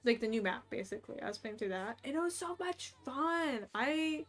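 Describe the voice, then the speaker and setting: This young woman's voice sits high, animated and fairly bright at a moderate pace, as she streams her drawing and rambles chattily with many "like"s and little laughs. Faint music is audible in the background.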